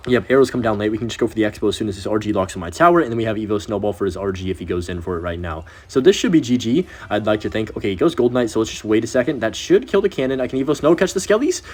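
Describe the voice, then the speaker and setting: A young man giving excitable gameplay commentary while he plays, talking to himself and to viewers. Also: lowish voice, very fast, few pauses. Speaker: gaming video creator.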